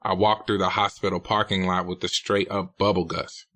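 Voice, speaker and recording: A man's voice: low-pitched, flat delivery, normal speed, pushed and bright, dry recording. A man narrating a novel in the first person, in a blunt, profane, streetwise manner. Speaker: audiobook narrator.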